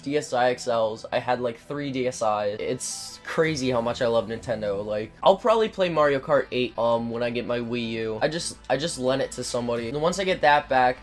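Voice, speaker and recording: A man talking over his own gameplay in a loose, rambling let's play style, with a mid-range voice. He swears freely when things go wrong. Faint game music plays behind him. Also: medium pitch. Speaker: gaming channel host. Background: faint video game music.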